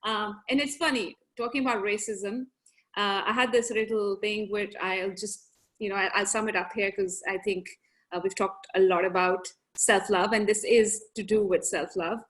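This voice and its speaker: A young adult woman, a podcast guest, telling stories in a casual, animated way and laughing often. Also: medium pitch, normal speed. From grew up in several countries. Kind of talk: casual storytelling chat.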